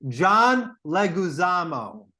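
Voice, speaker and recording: A young man co-hosting a casual movie podcast, excitable and quick to jump between topics. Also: sits high. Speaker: podcast co-host. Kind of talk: casual chat about movies.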